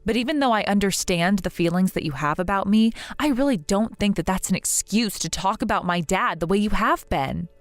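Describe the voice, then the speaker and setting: Casting: a woman doing a hurt, grieving young wife for a story drama, earnest and pleading, expressive pitch. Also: a little fast, hardly any pauses, no room sound, faint music behind, close to an everyday voice.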